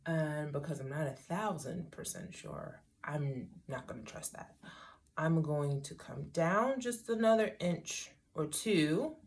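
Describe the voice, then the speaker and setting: A woman's voice: low-pitched, takes it slowly. A middle-aged woman talking casually through a hair tutorial, rambling with wry asides to herself. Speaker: hair vlogger.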